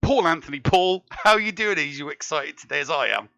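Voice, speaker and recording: A man hosts a casual podcast in a playful, joking way. He sounds a bit tipsy. His voice is bright and gravelly. It comes through a dry, dull home mic. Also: on the high side, animated, a little fast, dry recording. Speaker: podcast host.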